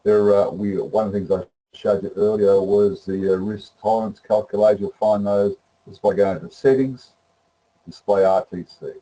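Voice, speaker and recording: A man presenting a webinar that walks through trading software, rambling with many fillers and restarts. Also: fairly low pitch, steady tone, normal speed, lo-fi sound. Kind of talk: live webinar demonstration.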